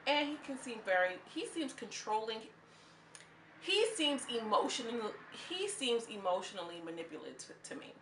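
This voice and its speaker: A woman reviewing a reality show in a casual vlog, animated and slangy, with plenty of commentary. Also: fairly high pitch, normal speed, slight background noise. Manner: animated and slangy, acts out quotes in mocking voices. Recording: echoey room.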